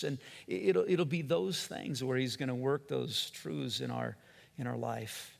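Gravelly man preaching in a hall. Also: mid-range voice, moderate pace. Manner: conversational, animated preaching with repeated restarts. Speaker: pastor. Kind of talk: sermon.

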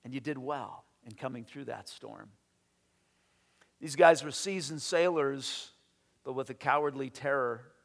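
A man preaching a sermon as pastor, animated, acting out quoted voices and often repeating his words. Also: medium pitch, measured pace, gravelly, long reverb tail.

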